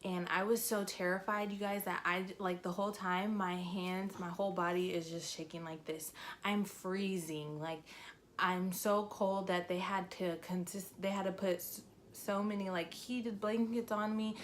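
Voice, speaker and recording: A woman's voice: mid-range voice, fairly even intonation, normal speed, a little hiss or hum. A young woman in her twenties, vlogging a casual story time, chatty and full of fillers, emotional as she retells it.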